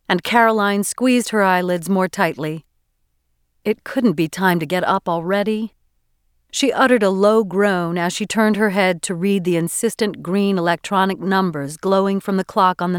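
Female audiobook narrator, smooth and resonant tone, steady scripted delivery. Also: medium pitch, no room sound, studio quality. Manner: measured, even storytelling delivery.

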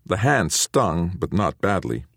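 A man reading an audiobook with a very deep voice and an animated, wide-ranging delivery. His expressive storytelling sounds dry and close to the mic. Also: unhurried, slightly rough, dry recording. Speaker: audiobook narrator. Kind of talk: scripted narration.

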